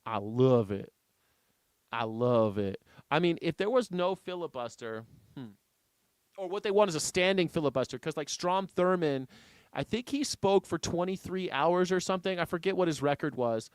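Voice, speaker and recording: A male host reacting to news clips in a loose, sarcastic, profane way. His voice is fairly high and smooth, with a dry, close sound. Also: expressive, normal speed, no echo. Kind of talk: casual news reaction commentary.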